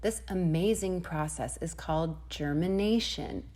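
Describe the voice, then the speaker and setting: A woman preschool teacher reading a storybook aloud to children in a gentle, expressive storytelling manner. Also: fairly low pitch, a little slow.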